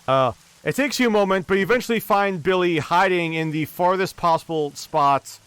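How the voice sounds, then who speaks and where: A man narrates a tabletop adventure as game master. His voice is smooth and resonant and sits a little high. He lays out each scene slowly and deliberately. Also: a bit bright, no echo.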